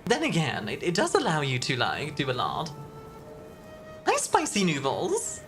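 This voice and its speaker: A woman streamer from Belgium with a deeper voice, chatting casually and giggling with her viewers. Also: huge pitch swings, a little slow. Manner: giggly, warm toward chat, chatty. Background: background music.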